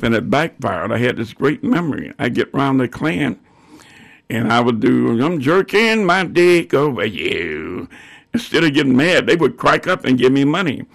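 An older man with a gravelly voice tells bawdy tales as a guest musician. His pitch moves a lot, rising and falling as he talks. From Georgia, US. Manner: bawdy, growly storyteller. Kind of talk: storytelling interview.

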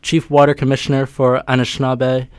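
A man's voice: mid-range voice, monotone, fairly quick, clean tone, no echo. A man co-hosting a radio show, reading out details in a supportive way. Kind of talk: casual radio talk.

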